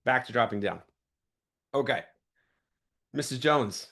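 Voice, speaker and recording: A young man coaching a sales team in an energetic teaching talk, shifting his pace and volume to stress points. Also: medium pitch, measured pace, vocal fry. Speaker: sales trainer.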